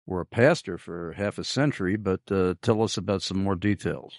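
A man's voice: sits low, normal speed, no room sound, clean studio sound. A man interviewing an author, asking questions with frequent hesitations and fillers.

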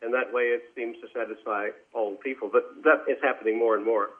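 A man who is a guest in a radio interview, speaking in a measured, courteous way with frequent fillers. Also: mid-range voice, steady tone. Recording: tinny phone line.

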